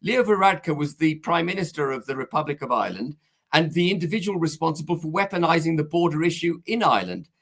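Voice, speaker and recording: A man's voice: fairly high pitch, expressive, fast talker, fairly bright tone. A man arguing his case in a heated political discussion, emphatic and insistent, pressing on over interruptions. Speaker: political guest.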